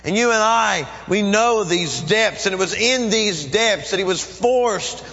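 A middle-aged male pastor preaches in church with an animated, forceful delivery, his high, bright voice keeping a measured pace as he dramatically acts out pleading prayers. The recording is dull and echoey, as church recordings often are.

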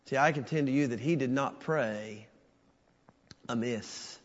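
Preaching man in a reverberant church. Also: measured pace. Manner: swings from loud preaching peaks to hushed low passages. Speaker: pastor. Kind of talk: sermon. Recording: dull sound with long church reverb.

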